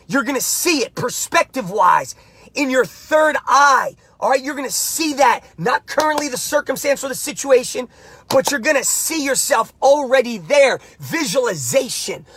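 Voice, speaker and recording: A man giving a motivational podcast pep talk as a coach, emphatic and repetitive, with shouted bursts. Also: very high-pitched, husky, no room sound.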